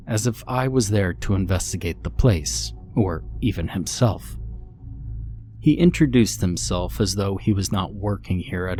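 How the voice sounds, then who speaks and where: A man narrating a scary story in a measured, matter-of-fact way, in scripted horror narration. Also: on the low side, warm tone.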